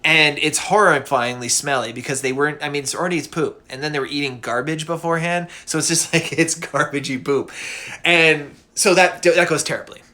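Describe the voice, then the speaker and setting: A man's voice: a little high, fairly quick, pushed and bright. A middle-aged man casually and goofily retelling a myth as host of a show. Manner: chatty, goofy, lots of fillers. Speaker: cartoonist hosting a myth show. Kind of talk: casual storytelling.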